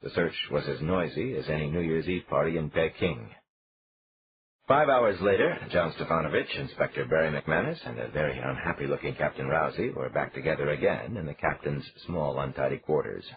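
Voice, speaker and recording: A man narrating a crime thriller audiobook in steady, lively storytelling. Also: a bass voice, moderate pace, noisy background. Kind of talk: scripted narration. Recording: dull lo-fi audio.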